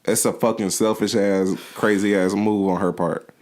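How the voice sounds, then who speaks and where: A man's voice: on the low side, fairly even intonation, normal speed, darkish tone. A man co-hosting a podcast, talking in laid-back, slangy banter full of profanity. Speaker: podcast co-host. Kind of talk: casual chat.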